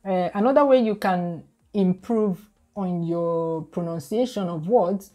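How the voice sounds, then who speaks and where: Speaking at a measured pace, this Nigerian YouTuber has a mellow, lowish voice and a Nigerian accent. She chats informally to the camera, frequently restarting and repeating words for her audience.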